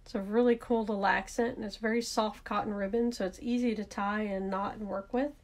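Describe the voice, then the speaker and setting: A woman with a Southern accent walks viewers through making a handmade card in a relaxed, chatty way. She narrates each step as she works, pausing to fix things and correct herself. Her mid-pitched voice has a slightly gravelly texture. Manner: chatty, thinks aloud while working, self-correcting. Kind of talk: casual craft demonstration.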